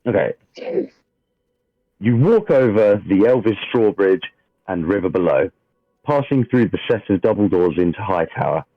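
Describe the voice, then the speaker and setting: A man's voice: fairly low pitch, expressive, no room sound. A man reading a fantasy game recap aloud and joking casually between readings. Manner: jokey, swears casually, reads narration slowly. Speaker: player reading the session recap. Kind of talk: casual chat and read-aloud fantasy narration. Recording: dull lo-fi dry sound.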